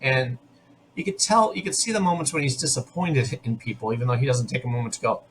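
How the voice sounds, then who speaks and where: A man hosts a podcast, talking through an episode in a loose, opinionated way. His voice sits in a middle range, and he talks in quick bursts, often restarting his sentences. A faint hiss of noise sits under the recording. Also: mid-range voice, fairly bright tone. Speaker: podcast host. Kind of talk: casual episode recap.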